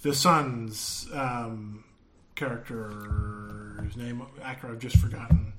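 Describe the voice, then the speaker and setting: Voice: mid-range voice, fairly even intonation, noisy background. A podcast co-host in casual chat who teases playfully and laughs readily. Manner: playful, teasing, quick to laugh.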